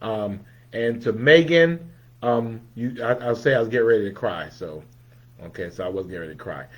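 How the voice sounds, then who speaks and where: A man hosting a casual livestream, greeting viewers one by one in a friendly way and dropping into low, mumbled asides between names. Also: normal speed, lo-fi sound. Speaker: livestream host.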